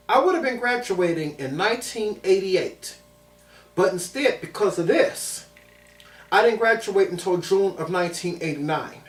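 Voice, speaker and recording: A man in his thirties, from Chicago, telling a personal story in an emphatic way and repeating phrases for weight. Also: high voice. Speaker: vlogger. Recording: roomy sound from a distant mic.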